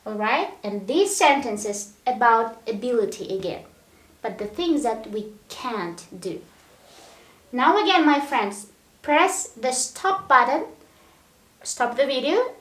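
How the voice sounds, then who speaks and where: A woman's voice: fairly high pitch, fairly bright tone. A woman teaching an English grammar lesson, speaking patiently and repeating words one at a time to show the stress. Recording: echoey room.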